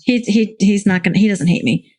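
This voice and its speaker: A woman's voice: mid-range voice, fairly quick, a little mellow. A woman in her forties, co-hosting a podcast and telling candid, self-deprecating stories in casual chat. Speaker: podcast co-host.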